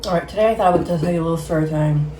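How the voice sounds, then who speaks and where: A woman's voice: deep voice, rapid-fire, slight background noise. Chatty woman eating on camera. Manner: chatty, laughs often, acts out quotes loudly. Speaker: mukbang host. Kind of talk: casual storytelling while eating.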